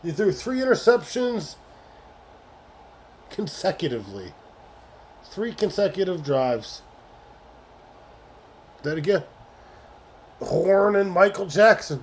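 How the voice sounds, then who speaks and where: A man's voice: high voice, lively intonation, measured pace, long pauses. A man hosting a late-night sports livestream, talking casually and profanely to his chat about fantasy football trades. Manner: profane, exasperated banter with chat. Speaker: livestream host.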